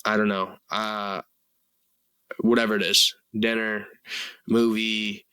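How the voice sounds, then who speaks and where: A man's voice: fairly low pitch, flat delivery, slow, bright, forceful tone, clear, resonant tone, dry recording, poor audio. A man in his twenties hosting a solo podcast, talking casually and earnestly in a rambling way, full of fillers and casual swearing. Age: 20s. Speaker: podcast host.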